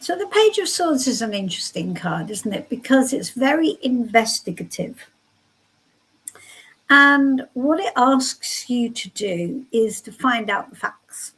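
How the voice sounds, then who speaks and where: A woman's voice: a little high, big pitch swings, measured pace, fairly bright tone, slightly rough, low-quality recording. A woman giving soothing, reassuring tarot readings on a live stream from home. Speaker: tarot reader.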